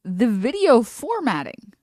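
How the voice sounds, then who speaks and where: Casual rambling woman streamer, slightly high voice, dead-dry sound. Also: big pitch swings, unhurried, a little mellow, no echo. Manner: rambling, nervous, many filler likes and laughs. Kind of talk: casual reaction stream chat.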